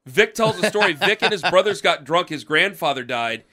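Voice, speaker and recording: A man's voice: high voice, expressive, moderate pace, sharp tone. A man from with a lingering cough, telling a rambling story on a podcast. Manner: rambling, restarts, acts out quoted voices. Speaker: podcast co-host. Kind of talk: casual storytelling chat. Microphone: podcast microphone.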